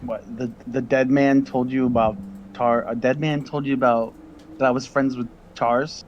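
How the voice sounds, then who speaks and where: A man's voice: mid-range voice, steady tone, normal speed, lo-fi sound, a little hiss or hum, lightly acted. A man voicing a crude, threatening male halfling thug from a crime clan, in a tabletop game. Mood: menacing.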